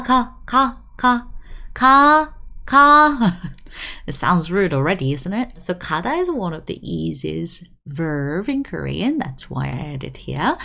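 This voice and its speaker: A young woman with a lowish voice and vocal fry teaches an online language lesson in an animated way. She drills words by repeating them and often checks in with "right?" as she explains.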